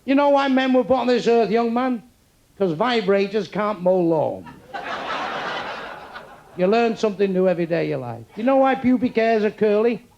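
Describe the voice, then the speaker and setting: An older comedian works the crowd with crude insults and quick one-liners. His voice is gravelly and sits high for a man. The live club recording carries a lot of room noise. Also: expressive, darkish tone, muffled recording. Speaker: stand-up comedian. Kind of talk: stand-up crowd work. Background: audience laughter.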